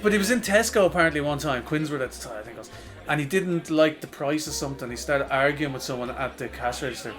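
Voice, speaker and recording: A man's voice: on the high side, quick pace, music in the background. An Irish man co-hosting a podcast, rambling through a story in casual chat, heavy on "like" and swearing freely. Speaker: podcast co-host.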